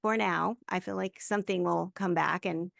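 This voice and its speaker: A woman hosting a poker podcast, chatting in an encouraging, friendly way. Her voice has a gravelly, fry-tinged texture. The recording is dry and close, with no room sound. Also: lowish voice, fairly even intonation, normal speed, no room sound. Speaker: podcast host. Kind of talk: casual podcast interview.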